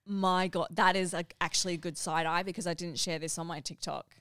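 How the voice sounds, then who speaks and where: A young Australian woman co-hosting a podcast, telling a story in a dramatic, animated way. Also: fairly low pitch, a little fast, clean tone, no echo, studio quality. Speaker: podcast co-host. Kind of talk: casual chat, storytelling.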